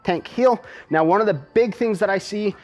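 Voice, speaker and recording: Fairly high-voiced male dog trainer. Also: fairly quick, faint music behind. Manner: calm, explanatory, talks while walking a dog. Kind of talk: instructional demonstration.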